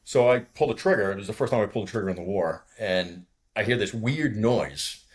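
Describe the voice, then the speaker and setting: A man in his sixties from the Boston area, with a fairly low voice. He tells war stories in a loose, profane, laughing way and acts out radio calls as he goes. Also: lively intonation, fairly quick, husky. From outside Boston, USA. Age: 60s. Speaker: guest, retired fighter pilot. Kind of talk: casual war storytelling.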